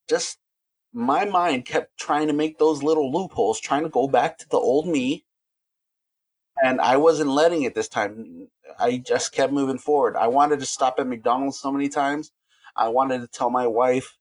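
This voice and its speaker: A man's voice: mid-range voice, dry recording. A man speaking as a podcast guest, candid and earnest, often restarting his sentences. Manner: earnest, halting, with frequent restarts. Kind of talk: candid interview talk.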